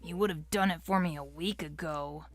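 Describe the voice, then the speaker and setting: A woman's voice: low voice, normal speed, dry recording. A woman voicing a bratty, bossy young woman from another world in a visual novel, impatient and demanding. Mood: sulky. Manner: demanding, impatient, calls him useless.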